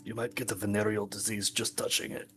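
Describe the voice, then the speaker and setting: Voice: medium pitch, flat delivery, fairly quick, faint music behind. A player in a tabletop game who makes dry jokes in a casual way. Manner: dry, joking.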